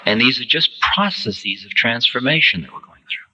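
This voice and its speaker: Guy giving a spiritual talk, lively storyteller doing little voices, super bright tone, echoey hall on an old tape. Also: medium pitch, moderate pace. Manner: animated storyteller, acting out quoted voices. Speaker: spiritual teacher. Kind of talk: spiritual lecture. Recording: reverberant lecture hall, archival tape.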